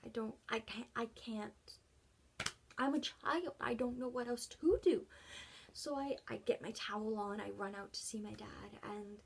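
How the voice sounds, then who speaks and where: A woman vlogger telling her own story unscripted, halting and emotional, often dropping to a soft breathy voice between pauses. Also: fairly high pitch, a little hiss or hum.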